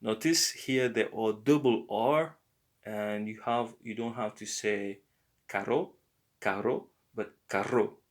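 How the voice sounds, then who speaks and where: A man giving a slow, patient beginner language lesson, explaining words one by one. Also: on the low side, fairly even intonation. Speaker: language teacher.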